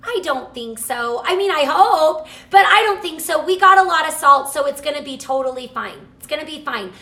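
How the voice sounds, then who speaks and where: Gushy woman chatting live to viewers from her kitchen, bright tense voice, echoey room. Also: sits high, normal speed. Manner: excitable and gushing, reads out viewer comments. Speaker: cooking show host selling products. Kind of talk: live casual chat to viewers. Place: home kitchen. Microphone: camera mic, moves off camera at times.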